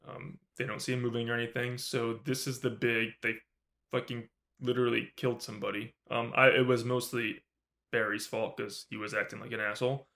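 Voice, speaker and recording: Animated swearing man recapping a film. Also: medium pitch, brisk, creaky. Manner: animated, swears often, acts out characters' lines. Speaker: podcast co-host. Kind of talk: casual movie review recap.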